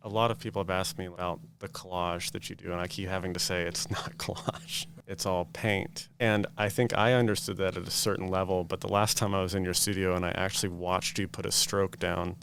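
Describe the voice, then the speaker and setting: A man's voice: low voice, level tone, brisk, gravelly, hardly any pauses, a bit bright, a little hiss or hum. A man interviewing an artist in a gallery, asking questions in a conversational, enthusiastic way.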